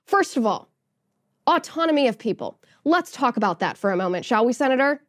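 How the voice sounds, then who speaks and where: An indignant woman hosts a political talk podcast with a slightly high voice. Her commentary is opinionated and laced with sarcasm. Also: very animated, fairly quick, fairly bright tone. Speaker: podcast host.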